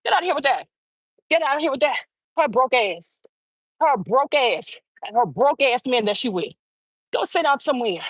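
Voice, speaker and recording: High husky woman ranting heatedly. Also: very animated, normal speed, long pauses, no room sound. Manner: heated, profane, repeats phrases for emphasis. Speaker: show host. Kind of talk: opinionated commentary rant.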